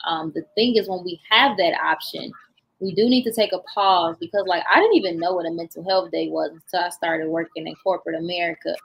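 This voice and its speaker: A woman guest in casual conversation, relaxed and chatty, laughing as she talks and explaining with everyday analogies. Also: fairly low pitch, brisk, creaky, slightly rough, rough recording.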